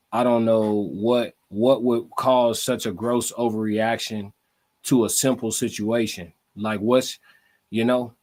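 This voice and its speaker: A man's voice: on the low side, darkish tone. A man hosting a live stream, reacting to a clip in a laid-back, blunt and profane way. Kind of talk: casual reaction commentary.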